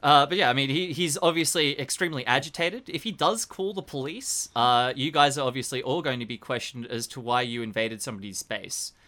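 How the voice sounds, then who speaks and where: A game master calmly explaining rules and consequences to players in a tabletop horror game. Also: mid-range voice, fairly quick, few pauses. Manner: calm, explanatory, rule-focused.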